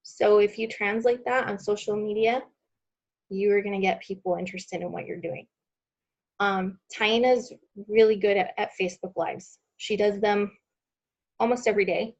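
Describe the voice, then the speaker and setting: A woman's voice: medium pitch, fairly even intonation, normal speed, a little mellow, dull audio. A woman leading a sales team training call, talking to her group in an encouraging, conversational way. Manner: encouraging, conversational, direct address. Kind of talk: training call on social media selling.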